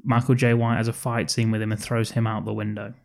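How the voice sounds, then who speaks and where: A man's voice: lowish voice, level tone, quick pace, gravelly, darkish tone. A man co-hosting a podcast, recapping a film plot in a casual, jokey and sweary way. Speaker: podcast co-host. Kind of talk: casual comedic chat.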